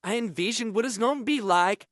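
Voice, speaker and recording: A man voicing an obsessive, menacing male inmate who drawls slowly and drops his grammar. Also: high-pitched, fairly bright tone, no room sound, studio quality, voice pushed up. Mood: leering. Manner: slow drawling voice with dropped grammar.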